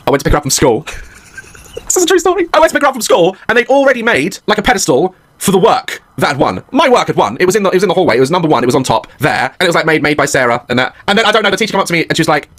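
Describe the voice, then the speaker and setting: A man telling a comic story as a rant, animated, swearing and laughing. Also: high-pitched, very fast. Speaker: comedian, podcast host.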